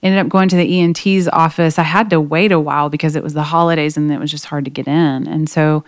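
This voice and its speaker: A woman with a low, smooth voice tells a personal story in an earnest, emotional way, with plenty of fillers. She is a podcast guest, speaking close to the mic in a dry room. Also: fairly even intonation, quick pace, no room sound. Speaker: guest, singer. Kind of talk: conversational faith podcast storytelling.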